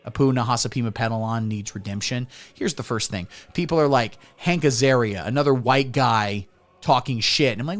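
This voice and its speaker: A man hosting a satirical comedy livestream who rants crudely and sarcastically, swinging between mumbling and loud. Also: medium pitch, fairly quick. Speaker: comedy streamer.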